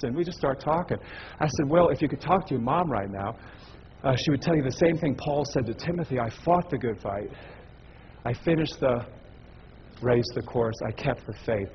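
A man telling stories in a sermon to a church audience, acting out the people he talks to in an animated way. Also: fairly high pitch, brisk, lo-fi sound, slight background noise. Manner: animated, acts out dialogue. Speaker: evangelist speaker.

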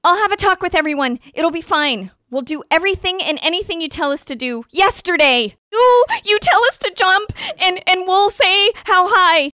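A woman's voice: extremely high pitch, expressive, moderate pace, hardly any pauses, sharp tone, no echo, studio quality, full character voice. A woman playing a frazzled young band leader who bosses her bandmates around. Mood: pleading. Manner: exasperated, bossy. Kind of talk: stage-play acting.

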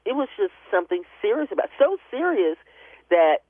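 A woman's voice: medium pitch, very animated, normal speed, slightly rough, no echo. Tearful woman calling in on a phone line. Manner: emotional, chatty, laughs through her story. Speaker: caller. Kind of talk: phone-in radio call.

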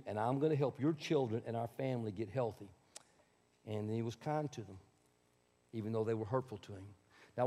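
A man's voice: mid-range voice, a little mellow, long reverb tail. A male pastor preaching a sermon in a conversational way, with asides to the congregation.

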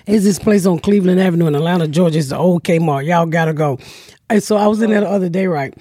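A woman's voice: on the low side, a little fast, long pauses, dark tone, breathy edge, dry recording. A woman podcast host telling brash, profane stories in casual comedic chat, acting out the people she quotes.

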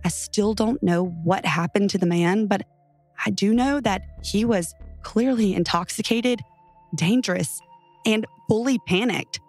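A woman earnestly telling a tense first-person story as narrator. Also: medium pitch.

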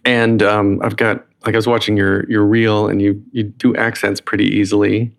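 A man's voice: on the low side, little pitch movement, moderate pace, creaky. A man from North Carolina hosting a podcast, chatting casually with a guest and often restarting his sentences. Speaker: podcast host. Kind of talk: casual interview chat.

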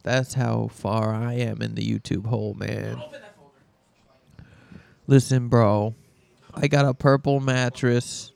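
A laid-back man chats in a bemused, slangy way on a podcast. He talks very slowly with a gravelly rasp. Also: mid-range voice, fairly even intonation, darkish tone. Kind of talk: casual chat.

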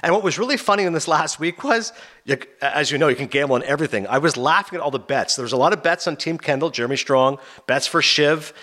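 Male podcast host, rapid and lively, slightly high voice, storyteller energy. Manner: fast, animated storytelling with acted-out quotes. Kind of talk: casual podcast chat.

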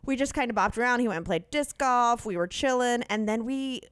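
A woman's voice: fairly high pitch, fairly quick, smooth, no room sound, clean studio sound. A woman in her thirties co-hosting a podcast, telling long rambling stories in casual chat with lots of fillers. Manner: chatty storyteller, rambling with many fillers. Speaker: podcast co-host.

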